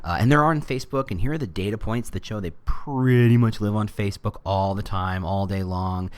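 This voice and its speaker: A man putting on a salesy corporate pitchman. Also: a little fast, smooth, dry recording, lightly acted. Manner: salesy, overly eager pitch. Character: male corporate social-network pitchman.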